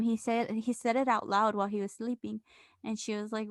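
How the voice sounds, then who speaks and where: Young woman cohost, high voice, laughs a lot, slangy and swears, dry close mic. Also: little pitch movement, fairly quick, no room sound. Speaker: podcast co-host. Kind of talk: casual chat.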